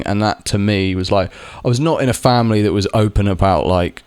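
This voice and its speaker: A man's voice: lowish voice, fast, hardly any pauses, darkish tone, smooth, dry recording. A young man talking casually to camera, rambling with lots of restarts and the odd swear word. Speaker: vlogger. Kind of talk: casual monologue.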